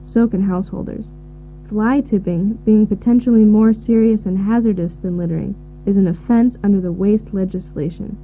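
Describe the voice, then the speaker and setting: A woman giving measured, informative answers in a scripted listening recording. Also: mid-range voice, warm tone. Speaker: expert answering questions. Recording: tinny phone-like audio with faint hiss.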